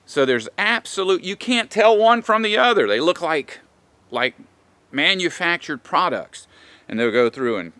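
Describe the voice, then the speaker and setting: A man rants in a vlog monologue, rambling and indignant, often filling gaps with "you know." His voice is bright and edgy, and the recording is dry and close. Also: mid-range voice, no echo. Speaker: vlogger. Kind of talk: opinionated monologue.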